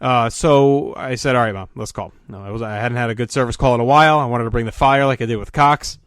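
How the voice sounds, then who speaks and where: A man co-hosting a podcast, telling a long profane story as an animated rant in casual chat. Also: mid-range voice, quick pace, smooth, no echo. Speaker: podcast co-host.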